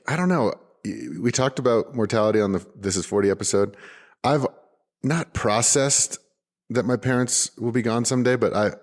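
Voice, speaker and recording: A man in his forties co-hosting a podcast, chatting casually and upbeat, rambling with lots of "like" and restarts. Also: medium pitch. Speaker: podcast co-host. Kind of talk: casual unedited chat.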